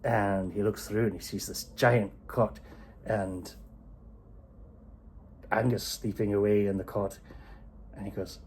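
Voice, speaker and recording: A man's voice: on the low side, slow pace, long pauses, slightly rough. A man telling a folk tale casually and with animation, chuckling and poking fun at himself. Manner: animated, chuckling, self-deprecating. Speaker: storyteller.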